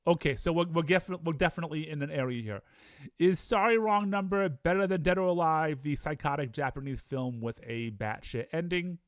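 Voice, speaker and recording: A man rambles cheerfully through a ranked list of films, asking himself aloud which title beats which. His voice sits a bit high and swings widely in pitch. The sound is close and dry, with no room around it. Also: no room sound. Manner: chatty, enthusiastic, debates rankings aloud with himself. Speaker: film reviewer. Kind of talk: casual film-ranking monologue.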